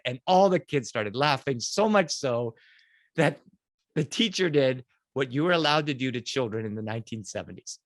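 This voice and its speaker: A middle-aged man telling a children's story in an animated, playful way. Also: medium pitch, moderate pace, no room sound, studio quality.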